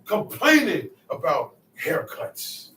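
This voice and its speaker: Man, street-talk Bible teacher, animated high voice, faint hiss behind. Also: slow. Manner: emphatic, repeats phrases, swings from soft asides to loud outbursts. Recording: echoey room, mic set far off.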